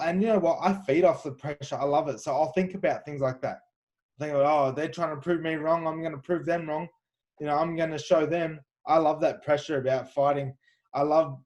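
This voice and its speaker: A man's voice: on the high side, a little mellow. A man, a kickboxer, telling fight stories in an interview, confident and chatty with many fillers and restarts. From Australia. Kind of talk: animated storytelling interview.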